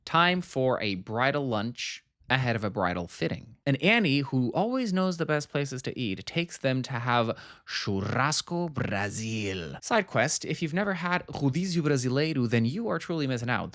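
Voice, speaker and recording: A man's voice: mid-range voice, very animated, moderate pace, hardly any pauses, fairly bright tone, no room sound, clean studio sound. A man giving a comedic movie recap with theatrical, sarcastic asides. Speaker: film reviewer.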